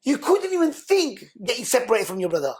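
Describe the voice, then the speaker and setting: A man, a podcast guest telling personal stories in an animated way and acting out what other people said. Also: very high-pitched, a little fast, husky. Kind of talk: emotional storytelling in conversation.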